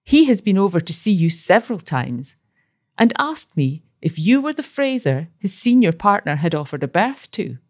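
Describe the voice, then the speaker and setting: A woman voicing a devoted, fussy young wife nursing her husband, with a coaxing, bright manner. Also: on the low side, big pitch swings, normal speed. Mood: gleeful.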